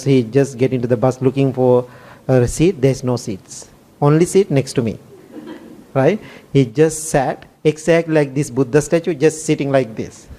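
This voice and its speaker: A male Buddhist monk with a fairly high voice preaches through a personal story. He laughs often, speaks in non-native grammar and keeps checking in with a questioning "right?" as he goes. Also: a little mellow. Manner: rhetorical "right?" after many phrases. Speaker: Buddhist monk, temple chief monk. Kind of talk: storytelling sermon.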